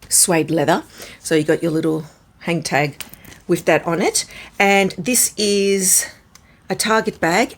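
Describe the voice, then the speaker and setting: A woman with a raspy, hoarse voice from a starting cold, chatting casually and musing aloud as she reviews a handbag. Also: fairly low pitch, a little hiss or hum. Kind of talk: casual vlog chat.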